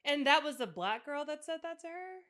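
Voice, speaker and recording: A woman podcast co-host in casual chat, reacting with short interjections and quick questions. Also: sits high, expressive, fairly bright tone.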